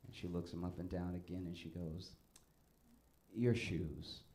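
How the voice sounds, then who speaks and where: Low-voiced man doing stand-up. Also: completely flat delivery, quick pace, a little hiss or hum. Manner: storytelling, rises loud and high for punchlines. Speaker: stand-up comedian. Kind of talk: stand-up comedy set. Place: comedy club stage with audience. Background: audience laughter.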